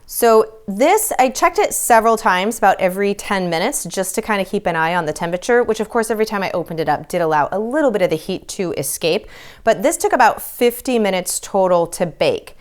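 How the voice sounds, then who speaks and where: A woman's voice: medium pitch, lively intonation, brisk. A woman hosting a homesteading channel, chatting directly to the viewer as she walks through a wood stove cooking demonstration. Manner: chatty, talks straight to the viewer.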